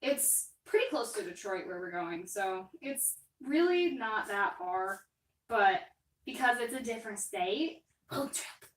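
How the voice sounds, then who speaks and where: A woman's voice: medium pitch, animated, a little slow, distant mic. A young woman in her twenties chatting casually on a live stream while she paints, rambling and reading out viewer comments. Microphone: distant mic, moves around while working. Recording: roomy echo, voice off-mic.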